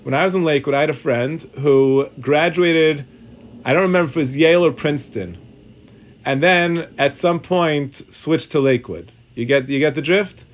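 A man's voice: on the high side, moderate pace. A man teaching a Talmud and halacha class in a synagogue study hall, thinking aloud, often restarting sentences and mixing Hebrew terms into his English.

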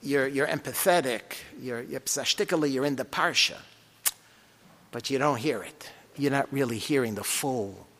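A man teaching a Talmud class with animated delivery and frequent rhetorical questions. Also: medium pitch, normal speed. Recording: long hall reverb.

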